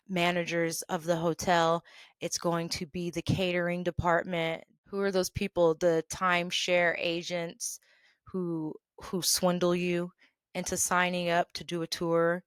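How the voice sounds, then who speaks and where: A woman hosting her own show, telling stories about past jobs in a chatty, animated way, with quick asides along the way. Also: lowish voice, smooth, no room sound, clean studio sound. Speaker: podcast host telling work stories. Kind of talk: casual storytelling.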